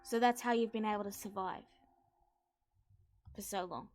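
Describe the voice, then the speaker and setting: A woman running a tabletop role-playing game, narrating the scene in a relaxed way. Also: medium pitch, moderate pace, soft background music. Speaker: game master.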